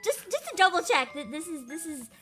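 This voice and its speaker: A young woman streaming a game live, reacting excitably, swearing often and yelling at the game. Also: extremely high pitch, a little fast. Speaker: VTuber streamer. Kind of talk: live gameplay commentary. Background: game music.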